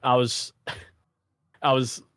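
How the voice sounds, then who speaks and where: Relaxed male guest, dry close sound. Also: medium pitch, extremely slow, clean tone, no room sound. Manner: relaxed, laughs easily, hesitant fillers. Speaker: guest, aspiring voice actor. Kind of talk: casual interview chat.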